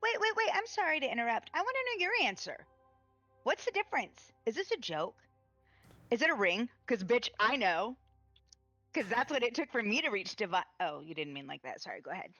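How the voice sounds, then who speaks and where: A woman argues her character's case at a tabletop game, animated and unfiltered with plenty of swearing. Her voice sits a little high, with faint music behind. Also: no room sound, dull audio. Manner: animated, swearing, quick asides. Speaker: player. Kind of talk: tabletop role-play, casual and profane.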